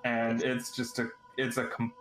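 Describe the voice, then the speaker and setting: A man's voice: medium pitch, monotone, a little slow, a bit bright, echoey room, poor audio. Man narrating as game master. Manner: loose, laughing narration with filler words.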